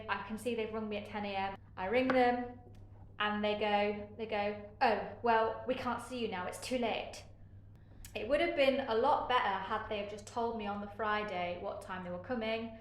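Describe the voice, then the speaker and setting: A woman recounts her experiences candidly, pausing and hedging with fillers as she goes. A sarcastic edge creeps into her frankness. Her voice carries an echoey room sound with faint background noise. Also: mid-range voice. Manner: frank, halting, with many fillers. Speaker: interviewee sharing care experiences. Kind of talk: candid personal account.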